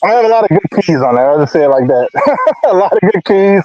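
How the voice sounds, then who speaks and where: A man chatting as a guest on a livestream, rambling and halting, with many fillers and repeats. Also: sits high, sing-song, a little mellow, dull audio. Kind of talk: casual chat.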